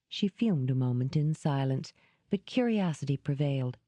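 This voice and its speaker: A woman narrating a novel in an audiobook, with lively, expressive storytelling. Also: extremely low pitch, normal speed, dry recording. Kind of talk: scripted narration.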